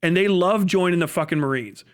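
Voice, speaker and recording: A man streaming live, ranting in a profane, fast-talking way. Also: high-pitched. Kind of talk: casual livestream rant.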